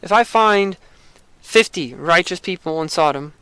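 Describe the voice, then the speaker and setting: A man voicing the Lord in a read-aloud scripture story, speaking in a measured, declaring way with a few stumbles. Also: high voice, sharp tone, smooth, dry recording. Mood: solemn. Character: the Lord, solemn divine male voice.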